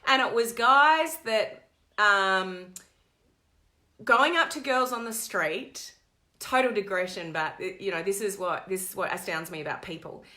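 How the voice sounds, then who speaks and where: Bright-voiced woman coach chatting live. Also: medium pitch, measured pace. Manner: animated, digressive storytelling. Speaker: network marketing coach. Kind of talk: live-stream chat to viewers.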